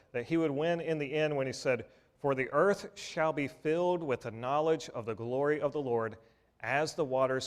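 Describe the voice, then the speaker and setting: A man preaching a sermon in a church in a conversational, folksy way, with restarts and asides. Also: medium pitch.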